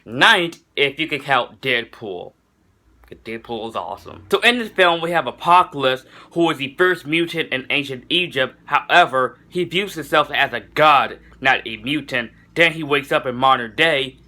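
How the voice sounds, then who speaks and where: A man's voice: mid-range voice, animated, normal speed, pushed and bright. A young man giving a casual, enthusiastic movie review, rambling and often correcting himself.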